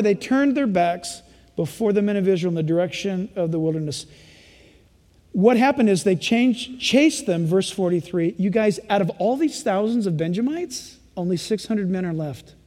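A male pastor preaching a sermon in an animated style, acting out parents and children as he goes. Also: high voice, normal speed, big-room sound.

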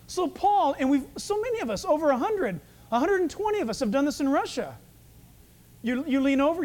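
A man preaching a sermon as pastor, telling stories and acting out the dialogue. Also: very high voice. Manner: animated storytelling, acting out dialogue.

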